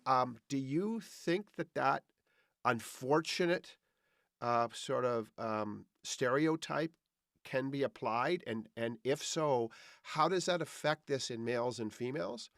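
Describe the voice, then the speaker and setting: A man's voice: mid-range voice, takes it slowly, gravelly, fairly bright tone, no echo, clean studio sound. A man hosting a podcast interview, chatty and rambling as he works through a question with many restarts. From Canada. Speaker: podcast host.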